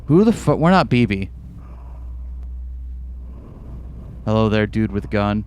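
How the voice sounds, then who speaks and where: A player putting on a gruff drawling cowboy. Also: mid-range voice, very animated, fairly quick, a little mellow, slight background noise, voice pushed down, natural voice. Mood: conspiratorial. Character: swaggering cowboy-talking young friend.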